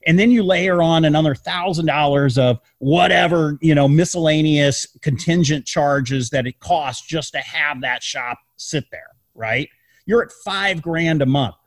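A man's voice: a little high, a little slow, no room sound. A man in casual talk, speaking animatedly with many rhetorical questions and restarts. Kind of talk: casual political chat.

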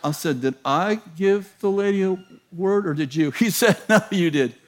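A middle-aged man preaching a sermon, telling a story in an animated, self-mocking way and laughing often. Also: high-pitched, normal speed, slight background noise.

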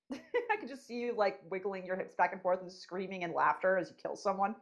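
Excitable woman podcast co-host. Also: medium pitch, lo-fi sound. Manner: excitable and playful, quick to joke. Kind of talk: casual podcast chat.

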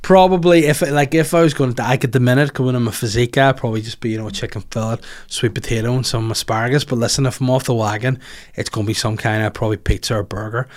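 A comedian, rambling through listener questions in a crude, jokey podcast chat. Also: male voice, medium pitch, fairly even intonation, fast talker.

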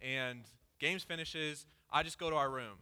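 A pastor giving a conversational sermon, candidly telling a personal story with lots of "like" fillers. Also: male voice, on the high side, unhurried, pushed and bright, clear, resonant tone. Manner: casual and candid, peppered with "like".

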